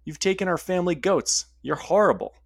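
A man's voice: sits high, lively intonation, brisk, gravelly, husky, no echo, clean studio sound, voice pushed up, exaggerated voice. A man voicing a stubborn young village girl who speaks in defiant, indignant outbursts.

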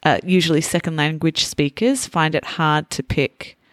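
Softly Australian woman teacher interviewing. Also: sits low, fairly even intonation, dry recording, studio quality. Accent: toned-down Australian. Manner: slow, explaining carefully with pauses. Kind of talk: casual interview chat.

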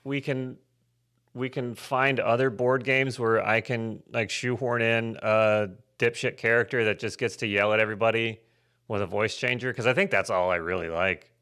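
A man's voice: mid-range voice, steady tone, normal speed, a bit bright, clear, resonant tone. A man co-hosting a comedy podcast, chatting casually in a rambling, self-mocking way and swearing freely. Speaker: podcast co-host.

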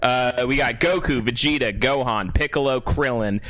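A man's voice: medium pitch, normal speed, fairly bright tone. A man hosting a casual group chat, laughing often and stumbling through his lines. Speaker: podcast host.

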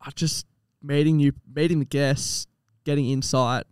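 A man's voice: a little high, little pitch movement, normal speed, clean tone, no echo, clean studio sound. A young Australian man talking as a guest on a podcast in a booth, easygoing and modest, with footy facts ready at hand. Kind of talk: casual podcast chat.

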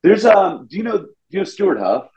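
A man's voice: high-pitched, very animated, a little fast, darkish tone. A young man from Georgia, a comedian, chatting loosely on a podcast and saying "dude" a lot. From Atlanta, Georgia. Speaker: comedian guest. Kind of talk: casual podcast chat. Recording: dull lo-fi sound.

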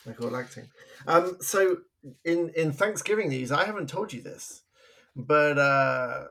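A man's voice: a little high, expressive, measured pace, fairly bright tone. A man, co-hosting a podcast, telling stories in a chatty way and laughing often. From England. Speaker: podcast co-host. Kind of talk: casual podcast chat.

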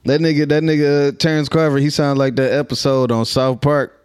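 A man's voice: a little high, level tone, brisk, a little mellow, clear, resonant tone. A man from Minnesota giving casual, laughing, slang-heavy commentary on the news to his viewers. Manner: loose, laughing, slangy street talk. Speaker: commentary vlogger.

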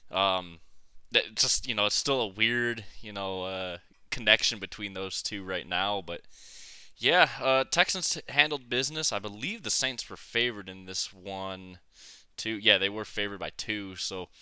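A man co-hosting a casual sports chat in a very bright, ringing, crisp voice. He talks bluntly, swears now and then, and stumbles through fillers and restarts. The sound is close and dry. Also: fairly low pitch, no room sound. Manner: halting, full of fillers and restarts, blunt and profane. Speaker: podcast co-host.

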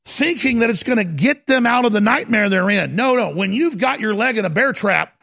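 A man's voice: sits high, lively intonation, a little fast, creaky, hardly any pauses, fairly bright tone. A man delivering an urgent, ranting monologue, repeating phrases for dramatic effect. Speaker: commentator. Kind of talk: impassioned monologue.

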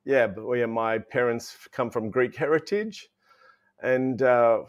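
A man's voice: mid-range voice, unhurried, dry recording, studio quality. A man with an Australian accent, a chocolatier guest in a casual interview, joking and laughing as he talks. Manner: jokey, laughs while talking.

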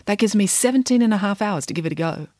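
Friday, a woman doing a calm, clever schoolgirl. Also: mid-range voice, fast talker, no room sound, clean studio sound, voice pushed up, close to an everyday voice. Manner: calm and matter-of-fact. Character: serious, clever schoolgirl detective.

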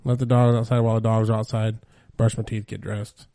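A man's voice: fairly low pitch, level tone, brisk, mellow, no echo, studio quality. A man co-hosting a podcast, describing things in a matter-of-fact, profane casual way. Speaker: podcast co-host. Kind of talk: casual chat.

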